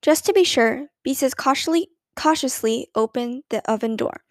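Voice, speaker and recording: A woman narrating a children's storybook with a clear, expressive reading. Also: high-pitched, normal speed, no echo, clean studio sound. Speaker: audiobook narrator.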